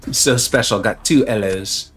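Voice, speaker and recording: A man chatting casually and joking with viewers while streaming a game, greeting them by name. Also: lowish voice. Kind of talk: casual live-stream chat.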